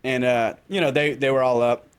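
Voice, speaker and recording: A man's voice: mid-range voice, steady tone, brisk, smooth. A laid-back man co-hosting a podcast in casual chat, speaking frankly. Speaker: podcast co-host.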